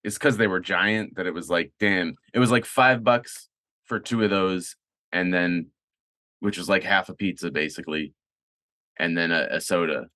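A man's voice: deep voice, normal speed, bright, forceful tone, no echo, studio quality. A man chatting casually with friends, rambling with lots of fillers and restarts. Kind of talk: casual chat.

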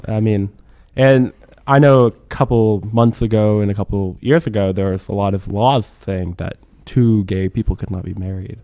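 A young man with a Texan accent in casual podcast chat, hesitant and halting as he talks. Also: on the low side, steady tone, dark tone, no room sound. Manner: hesitant, many fillers and restarts.

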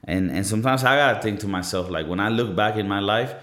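A man's voice: on the low side, fast, a bit bright. A man in his thirties talking in a casual solo podcast monologue, rambling and profane, often poking fun at himself. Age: 30s. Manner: rambling, profane, self-mocking. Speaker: podcast host. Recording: roomy echo.

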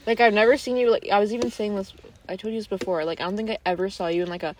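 A young woman chats casually as a podcast guest, talking in loose, rambling sentences full of "like". Her voice sits at a middle pitch. A faint hum sits behind her. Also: fairly even intonation, racing, a little mellow. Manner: chatty, peppered with "like", laughs often. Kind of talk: casual chat.

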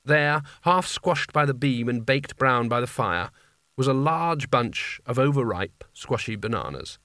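A man's voice: medium pitch, expressive, measured pace, a bit bright, no room sound. Man narrating an audiobook, dry sound. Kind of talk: scripted narration.

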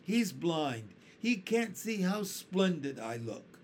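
A man's voice: sits high, very animated, takes it slowly, a little hiss or hum, pitched above the performer's own voice, heavily acted. A man voicing a boastful, vain centipede in a storybook reading, proud and bickering.

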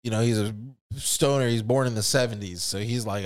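Smooth-voiced man telling rambling stories. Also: medium pitch, a little fast. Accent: American. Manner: profane, rambling, acts out other people's voices. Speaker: podcast co-host. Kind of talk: casual storytelling chat.

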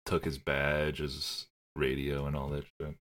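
A man's voice: very deep voice, completely flat delivery, measured pace, a bit bright. A man co-hosting a casual movie podcast, laughing often, cursing freely and acting out characters' lines as he recaps scenes. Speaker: podcast co-host.

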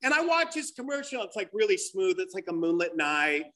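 A man doing a crude, rambling stand-up comedy set, telling stories with animated put-on voices. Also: high voice, brisk.

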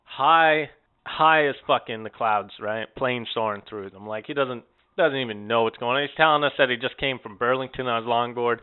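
A man's voice: mid-range voice, normal speed, clean tone. A man telling a rambling, profane story on a casual podcast, full of "eh" and "like". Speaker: podcast co-host. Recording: narrow, phone-like sound.

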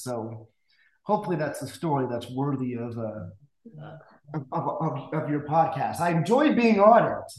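A man telling a classroom story in a casual, animated way, acting out the voices he quotes, with stammering restarts. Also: a little high. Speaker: guest music teacher. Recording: roomy echo.

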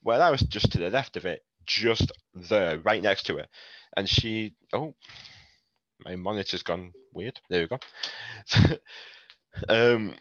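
A man's voice: fairly low pitch, takes it slowly, fairly bright tone, dry recording, highs cut off. A man hosting a casual wrestling chat, telling anecdotes and laughing often. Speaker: podcast host.

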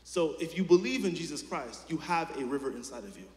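A man with a slightly high voice preaches in a brisk, animated way in a church hall. His sermon is casual and chatty, packed with fillers and restarts, and he addresses questions directly to the congregation. Long reverb fills the echoey hall.

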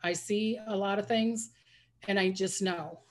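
A woman's voice: mid-range voice, steady tone, unhurried, darkish tone. A woman psychic medium telling stories in a casual interview, rambling with many restarts. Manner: rambling, restarts often, acts out quoted voices.

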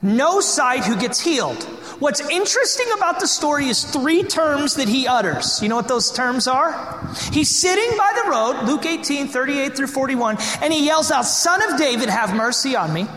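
A man preaching a sermon with a high, ringing voice that bounces around a large echoing hall. He drives his points home with emphatic, impassioned phrasing and keeps asking the congregation questions. The long reverb trails behind every line. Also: expressive, normal speed, fairly bright tone, a little hiss or hum. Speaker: pastor.

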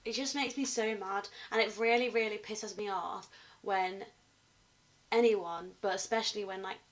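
A woman's voice: medium pitch, steady tone, normal speed. A young woman, a university student, co-hosting a podcast in casual chat and reading from her notes when she tells a case. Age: young adult. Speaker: podcast co-host.

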